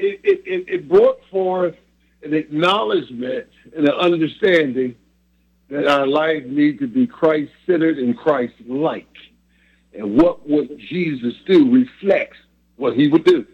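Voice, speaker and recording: A man leading a prayer and talking about faith as a show host, in a measured preacherly way that repeats phrases. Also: on the high side, slightly rough, phone-quality sound.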